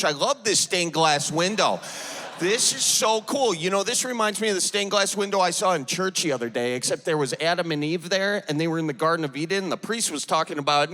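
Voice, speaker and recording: Man, upper midwest accent, stand-up comedian, bright forceful voice, long hall reverb. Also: on the high side. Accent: Upper Midwest American. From Midwest United States. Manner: self-deprecating, acts out characters in dialogue. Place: large theater stage with audience.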